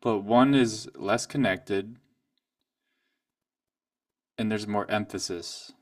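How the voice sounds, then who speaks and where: Male piano teacher, low voice, calm explainer, mic a little distant. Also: slow pace, dry recording, clean studio sound. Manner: calm, explains then plays examples. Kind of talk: music lesson at the piano. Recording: voice from a distance, piano loud alongside. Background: piano playing.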